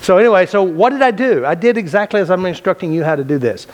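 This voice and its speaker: A man's voice: high voice, lively intonation, fairly quick, slight background noise. A man teaching a class in a mind-body healing method, talking casually and bluntly. He repeats key phrases and asks and answers his own questions. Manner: casual and blunt, with loose restarts. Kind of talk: unscripted classroom lecture.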